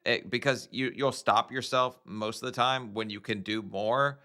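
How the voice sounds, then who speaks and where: A man's voice: medium pitch, fairly even intonation, moderate pace, pushed and bright, smooth. A man hosting a reaction video, talking in a blunt, chatty way with lots of fillers. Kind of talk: casual commentary.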